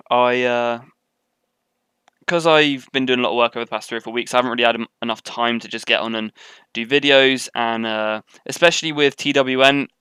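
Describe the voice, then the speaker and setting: A man's voice: mid-range voice, bright, forceful tone, clear, resonant tone, dry recording. A young man giving live gameplay commentary in a rambling, chatty way, full of ums and tangents. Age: young adult. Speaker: gaming commentator. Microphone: webcam setup at desk.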